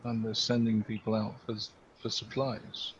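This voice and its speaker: A man's voice: lowish voice, little pitch movement, moderate pace. A man playing a tabletop game, asking questions and thinking aloud. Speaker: player. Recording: dull lo-fi mic with faint noise.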